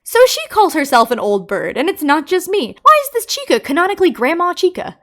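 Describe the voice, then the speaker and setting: A woman's voice: extremely high pitch, very animated, fairly quick, fairly bright tone. A woman giving casual, playful, opinionated video commentary on game voice lines. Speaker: game theory YouTuber.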